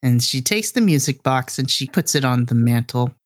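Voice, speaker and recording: A man narrating a tabletop role-play as game master, telling the story in a measured, descriptive way. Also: medium pitch, animated.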